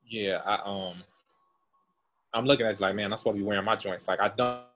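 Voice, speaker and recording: A man chatting casually over a remote call, relaxed and slangy, laughing easily and asking questions. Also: on the low side, fast talker, soft background music. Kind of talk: casual chat.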